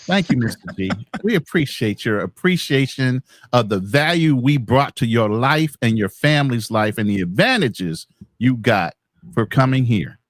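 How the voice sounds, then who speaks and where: Casting: man, livestream moderator, firm and wry, middle pitch, dry sound. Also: lively intonation, normal speed, no room sound. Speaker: debate moderator.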